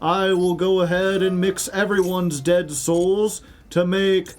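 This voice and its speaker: A menacing male demon, voiced by a man in a tongue-in-cheek tale. He speaks slowly and high, gloating over his victims. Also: little pitch movement.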